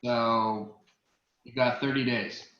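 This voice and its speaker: A man serves as game master for a tabletop game, speaking slowly and hesitantly with plenty of ums and uhs. His voice is medium in pitch, steady, and a little bright. The audio sounds roomy, dull, and lo-fi.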